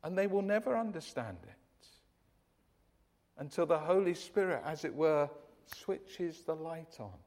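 A man's voice: fairly high pitch, expressive, measured pace, long pauses, darkish tone, long reverb tail. A man from the UK preaching a sermon in an earnest, emphatic way, often restarting his phrases. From United Kingdom.

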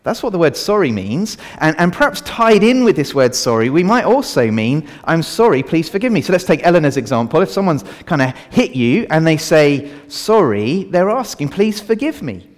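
Lively preacher in a church hall. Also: male voice, a little high, normal speed, few pauses. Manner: animated, asks the congregation questions. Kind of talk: all-age sermon.

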